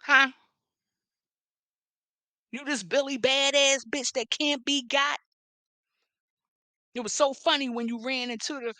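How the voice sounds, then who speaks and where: A woman with a Philadelphia accent rants on her vlog, mocking and confrontational. Her voice is fairly high and bright, and the mic is close with no room sound. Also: no echo. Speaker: vlogger. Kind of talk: profane rant vlog.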